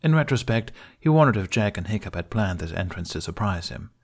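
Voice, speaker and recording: A man narrating fan fiction as an audiobook in a steady, emotional storytelling manner. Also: fairly low pitch, brisk.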